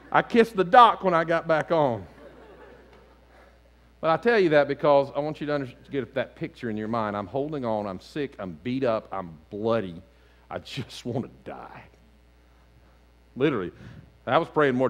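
This man, the lead pastor, preaches in a church sanctuary with animated swings from loud outbursts to hushed lines. His pitch is medium and his speed normal, broken up by long pauses.

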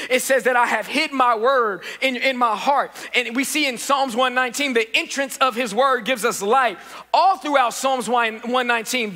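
A man's voice: very high voice, sharp tone. A man preaching a sermon as pastor, building repeated refrains and calling for the congregation to answer back. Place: church sanctuary. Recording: reverberant church hall.

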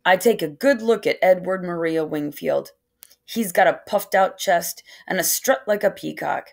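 A woman teacher reading a novel aloud to a class in a steady first-person storytelling way. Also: fairly low pitch, moderate pace, gravelly.

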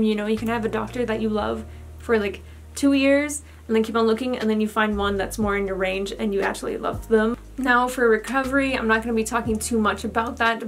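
A young woman giving a casual vlog update, chatty and candid with lots of fillers, a little out of breath. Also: a little high. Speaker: vlogger.

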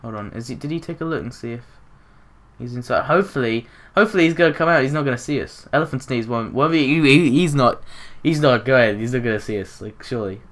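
Excitable young gaming commentator. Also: male voice, mid-range voice, fast. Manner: excitable, rambling, gasps and giggles. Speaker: gaming YouTuber. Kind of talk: casual gameplay commentary.

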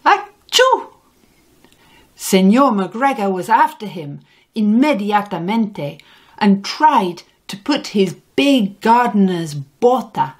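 Woman, children's audiobook narrator, unhurried, gentle and expressive, mid-pitched, English sprinkled with Spanish words.

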